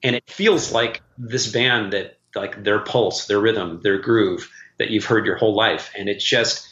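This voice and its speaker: Excited middle-aged guitarist, bright echoey sound. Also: male voice, fairly low pitch, a little slow, dull audio. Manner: enthusiastic storyteller, many fillers like "like". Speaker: session guitarist, guest. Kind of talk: casual interview chat.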